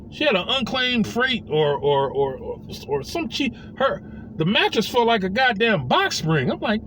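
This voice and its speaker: With a high voice and big swings in pitch, a man shares a personal story loosely at a normal speed. He mimics the voices of those he quotes, and faint noise can be heard behind him.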